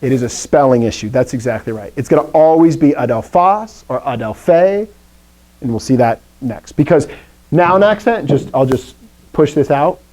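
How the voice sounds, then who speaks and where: With a medium-pitched, darkish voice and lively intonation at a normal pace, a middle-aged Greek teacher runs a classroom language lesson. He lays out the rules step by step, adding jokey asides.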